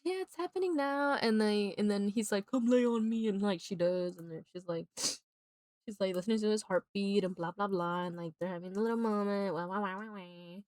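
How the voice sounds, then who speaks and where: Young woman, streamer, casual rambling chat, many fillers, emphatic opinions, middle pitch, dry close sound. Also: fairly quick, no echo. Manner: rambling, animated retelling with many fillers and sighs; emphatic and indignant when giving opinions. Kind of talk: casual chat while drawing on a livestream.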